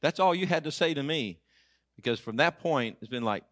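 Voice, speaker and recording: A man's voice: on the high side, brisk, no echo, clean studio sound. A middle-aged man, preaching a sermon in an auditorium through humorous, emphatic personal stories. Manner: animated, humorous, emphatic storytelling. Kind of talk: storytelling sermon.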